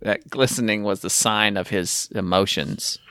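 A man's voice: fairly low pitch, moderate pace, pushed and bright, clear, resonant tone, no room sound. A man co-hosting a podcast, joking and teasing through casual banter and laughing often. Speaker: podcast co-host.

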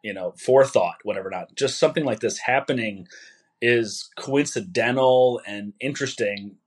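A man co-hosting a podcast, reading a listener's story aloud with lively, dramatic emphasis, then chatting casually. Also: mid-range voice, normal speed.

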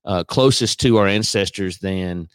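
Low-voiced Southern man chatting. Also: unhurried, smooth, no echo. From American South. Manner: rambling, joking, laughs often. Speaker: podcast co-host. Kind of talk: casual chat.

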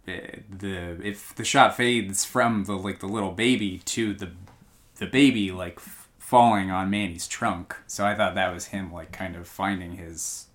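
A young man co-hosting a podcast, recapping a film in a casual, halting way with many pauses and restarts. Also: deep voice, steady tone, a bit bright. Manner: hesitant, many uhs and restarts. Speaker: podcast co-host.

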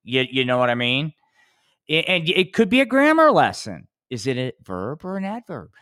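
A laid-back man co-hosting a casual podcast, with a somewhat high voice. He drawls along, filling his talk with "man" and "you know." The recording is dry and close. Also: wildly swooping pitch, normal speed, a bit bright, clean tone, dry recording. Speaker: podcast co-host. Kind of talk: casual chat.

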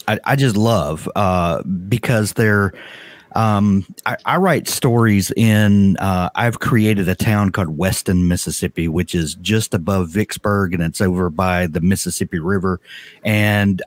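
A male podcast host with a fairly low voice, talking in a relaxed, halting way with pauses and restarts. The sound is dry and close, with almost no room around it. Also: no room sound. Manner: hesitant, many fillers and restarts, affirming. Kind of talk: casual interview chat.

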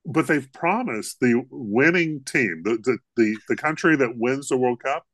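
A man's voice: medium pitch, expressive, a little slow, fairly bright tone, no room sound. A man co-hosting a podcast in casual comedic chat, rambling and laughing often. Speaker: podcast co-host.

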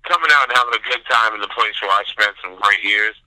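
A man's voice: lowish voice, quick pace, bright, forceful tone, no room sound, poor audio. A man, a former college player, talking in an easygoing way as a guest on an interview. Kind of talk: casual interview chat.

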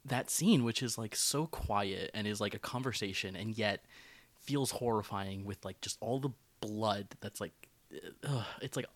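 A man's voice: lowish voice, unhurried, dry recording. A man co-hosting a casual film podcast, talking in rambling runs full of fillers and restarts. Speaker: podcast co-host.

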